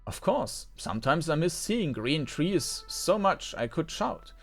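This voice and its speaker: A man's voice: a little high, very animated, measured pace, creaky, soft background music, pitched above the performer's own voice, full character voice. A man reading out a nervous, eager male merchant in a game, in a strained and hesitant voice. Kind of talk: reading game dialogue aloud.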